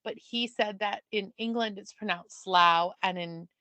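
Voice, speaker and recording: A woman co-hosting a podcast in casual chat, playful and joking with quick asides. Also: mid-range voice, a bit bright, no room sound. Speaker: podcast co-host.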